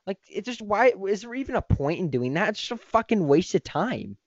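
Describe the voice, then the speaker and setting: A man's voice: sits high, big pitch swings, fairly quick, no echo, lo-fi sound. A man hosting a podcast, ranting in a heated, profane, rambling way. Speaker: podcast host. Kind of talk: casual podcast rant.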